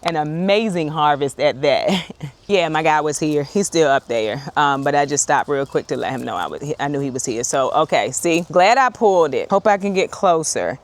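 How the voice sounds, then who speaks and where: A woman chatting excitedly to viewers while harvesting in her outdoor garden, talking straight to the camera. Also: sits low, normal speed. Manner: chatty and excitable, often addresses viewers as y'all. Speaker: urban homesteader, channel host. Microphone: wireless clip-on mic.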